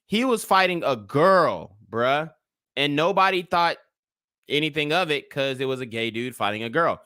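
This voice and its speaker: A man's voice: fairly high pitch, expressive, normal speed, sharp tone, clean tone, dry recording, studio quality. A man in his twenties giving casual livestream commentary, a blunt and profane rambling storyteller.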